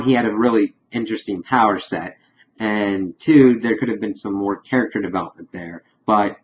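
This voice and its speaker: A man with a fairly low voice retells a TV episode in a loose, rambling way, leaning on "of course" and half-quoting the characters. The recording is dull and lo-fi, with a faint hiss underneath. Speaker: TV episode reviewer. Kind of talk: casual recap of a TV episode.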